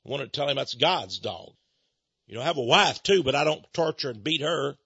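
A man hosting a radio talk show, giving indignant opinionated commentary that swings between hushed asides and loud outbursts. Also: mid-range voice, expressive, brisk, slightly rough, no room sound, dull audio.

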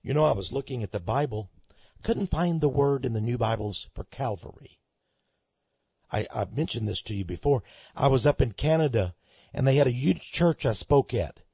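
A man's voice: mid-range voice, lively intonation, moderate pace, creaky, slightly rough, dry recording. Dramatic preacher man, dull lo-fi recording. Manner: dramatic, swinging between loud outbursts and hushed asides; addresses listeners as friends. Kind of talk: sermon.

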